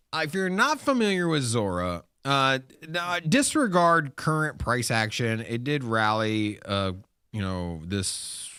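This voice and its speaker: A man co-hosting a casual crypto talk show, animated and rambling with restarts and fillers. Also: mid-range voice, dry recording, clean studio sound. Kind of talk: casual chat.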